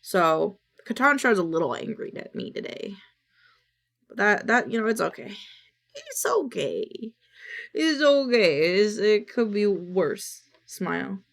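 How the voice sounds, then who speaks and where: A woman's voice: medium pitch, expressive, a little slow, gravelly, a bit bright. A woman streamer chatting casually on a live stream, rambling and swearing freely, acting out what others said to her.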